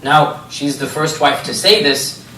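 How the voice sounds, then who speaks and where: A man giving an animated religious history lecture, telling stories and asking his listeners rhetorical questions. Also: a little high, unhurried, background noise. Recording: echoey room, distant mic, faint ambience.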